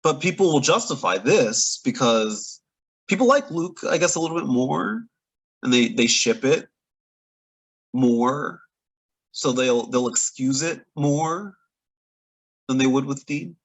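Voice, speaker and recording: A man giving a casual, opinionated TV episode recap, animated and often laughing between points. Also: mid-range voice, takes it slowly, pauses often, slightly rough, low-quality recording. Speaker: TV recap reviewer. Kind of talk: casual reaction review.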